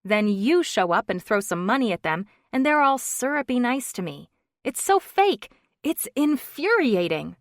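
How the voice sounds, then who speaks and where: Woman reader doing a high, loud, indignant young pregnant woman in an audiobook, dry close read. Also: sing-song, no room sound. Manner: exasperated, rapid outbursts. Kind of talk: audiobook character reading.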